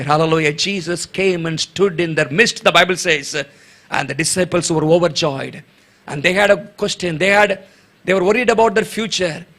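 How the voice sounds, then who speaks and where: A man's voice: a little high, fairly bright tone. A male pastor, preaching a sermon emphatically, repeating lines and calling out hallelujah.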